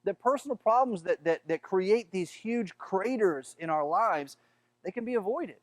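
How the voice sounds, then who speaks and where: A man with a Southern American accent preaches a sermon in a conversational way, often stumbling over and repeating his words. His voice sits high for a man. The sound is close and dry, with almost no room echo. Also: animated, normal speed. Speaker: pastor.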